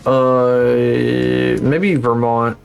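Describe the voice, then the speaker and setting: A man's voice: medium pitch, little pitch movement, very slow, creaky, soft background music. A man chatting casually on a livestream, rambling, swearing freely and laughing at his own stories.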